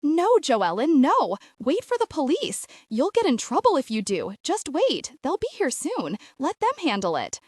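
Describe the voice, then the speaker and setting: A woman voicing an anxious woman friend who pleads in a higher, louder voice. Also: huge pitch swings, moderate pace, slightly rough, no room sound, studio quality, heavily acted. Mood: pleading.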